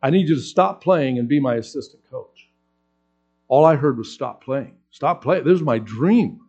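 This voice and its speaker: A man preaching a sermon, telling a personal story with acted-out quotes and lively swings in voice. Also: medium pitch, normal speed, husky, highs cut off. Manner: animated storyteller acting out quotes. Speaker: pastor.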